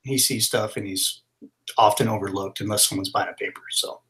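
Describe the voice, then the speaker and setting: A man's voice: on the low side, fairly even intonation, brisk, pushed and bright. Casual man playing a tabletop game. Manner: casual, rambling with restarts. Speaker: player.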